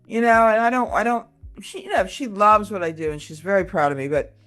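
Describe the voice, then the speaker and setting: A woman in her sixties, from Michigan, talking as a comedian guest in a casual interview, animated and full of quick asides and restarts. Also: medium pitch, soft background music. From Michigan, USA. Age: 60s.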